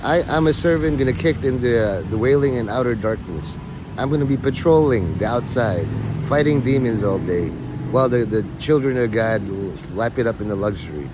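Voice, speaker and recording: A man's voice: mid-range voice, animated, normal speed, noisy background. A middle-aged man livestreaming, rambling in crude, mock-bossy rants at his viewers. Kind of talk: casual rant chat.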